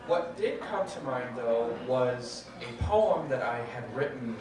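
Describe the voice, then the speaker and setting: Animated man telling a story on stage. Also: medium pitch, takes it slowly, a crowd in the background. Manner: animated and wry, acts out quotes. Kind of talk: personal storytelling at a live event. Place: stage at a public storytelling night. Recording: echoey room, distant mic, background noise.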